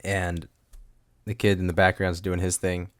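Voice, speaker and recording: A man's voice: deep voice, completely flat delivery, unhurried, clean tone, dry recording, studio quality. A man hosting a solo podcast at a home desk mic, rambling with goofy asides and frequent laughs. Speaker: podcast host. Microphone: studio microphone.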